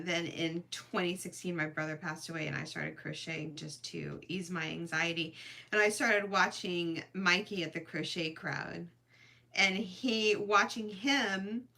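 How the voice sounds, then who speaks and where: Bright-voiced chatty woman livestreamer. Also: fairly low pitch. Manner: chatty, emotional, thanks viewers by name. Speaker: crochet livestream host. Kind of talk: casual live-stream chat.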